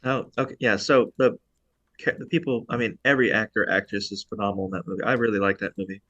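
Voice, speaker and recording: Bright-voiced man retelling a film. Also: lowish voice, fast, no echo, highs cut off. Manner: animated storytelling with laughs. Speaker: podcast co-host. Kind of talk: casual chat.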